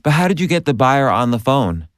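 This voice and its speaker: A man's voice: mid-range voice, very animated, a little fast, no room sound, studio quality. A man hosting an interview, asking short, curious follow-up questions. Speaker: podcast host, interviewer. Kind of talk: conversational interview.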